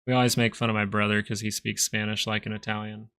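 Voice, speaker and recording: A man's voice: lowish voice, little pitch movement, quick pace, sharp tone, smooth, dry recording. A young man hosting a live stock market stream, chatting casually and reading viewer comments aloud. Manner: chatty, rambling, reads chat aloud. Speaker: stock market livestream host.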